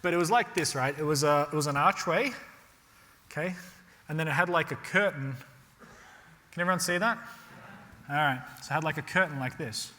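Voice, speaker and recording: A little high and brisk, he pauses often while leading a live real estate workshop; he's from Australia. His delivery is animated storytelling full of rhetorical "right?", captured with hall reverb.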